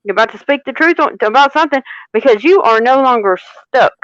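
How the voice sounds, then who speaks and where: A woman's voice: a little high, lively intonation, fast, fairly bright tone, no room sound. A woman who is a tarot reader, chatting in a sassy, playful, teasing way during a live reading. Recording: dull, muffled mic.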